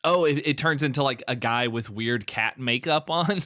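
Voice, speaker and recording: A man co-hosting a casual movie podcast, with a bright, forceful voice. He recaps scenes with easy fillers, laughs a lot and riffs on wild theories. The sound is close and dry, with no echo. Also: mid-range voice, normal speed. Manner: laughs often, riffs and speculates on plot details. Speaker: podcast co-host. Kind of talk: casual chat.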